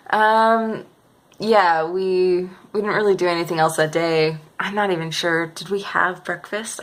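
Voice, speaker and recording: A young woman chats through her week in a casual vlog, her voice sitting a little low. She rambles and hesitates, restarting sentences and filling gaps with ums. She sounds a bit sleepy. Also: fairly bright tone. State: sleepy, yawning. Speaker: vlogger. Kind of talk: casual weekly update vlog.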